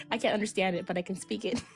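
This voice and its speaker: Woman, mid-pitched voice, casual stream co-host, halting speech, restarts. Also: steady tone, vocal fry, faint music behind. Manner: halting, with restarts, stumbles and frequent laughs. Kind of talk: casual live-stream chat.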